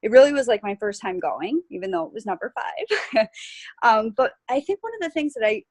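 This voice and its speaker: Woman chatting on a group call from home, laughs a lot, kinda high voice, dry close sound. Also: very animated, fairly quick, no room sound. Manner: laughs often, chatty and upbeat. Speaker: team member sharing takeaways. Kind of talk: casual group call update. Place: at home on vacation.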